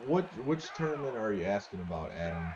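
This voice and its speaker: A man's voice: on the low side, very animated, a little fast, lo-fi sound, a crowd in the background. A man live-streaming a football video game, chatting casually with viewers and rambling through repeated words.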